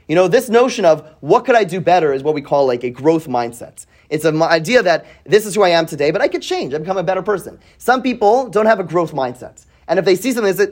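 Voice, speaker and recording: A man's voice: sits high, big pitch swings, a little fast, few pauses. A man teaching a weekly Bible class to students in a classroom. He reads Hebrew verses and translates them, asks questions, often adds "right?", and repeats words as he thinks aloud. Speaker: Torah teacher.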